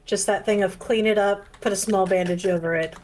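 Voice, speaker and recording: A woman's voice: medium pitch, fairly even intonation, fairly quick, a little mellow, low-quality recording. A woman chatting casually as a player in a tabletop game, laughing often.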